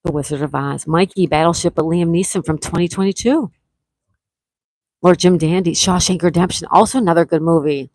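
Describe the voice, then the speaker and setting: Chatty woman livestream host, lowish voice. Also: fairly quick, a little mellow, slight background noise, poor audio. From Florida, USA. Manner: chatty, greets viewers by name, reads their comments aloud. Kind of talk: casual chat, reading live chat aloud.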